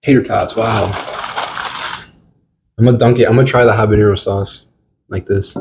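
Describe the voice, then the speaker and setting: A man's voice: lowish voice, fairly even intonation, normal speed, vocal fry, background noise. A man co-hosting a casual podcast while eating, with playful, exaggerated reactions and lots of "bro". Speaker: podcast co-host.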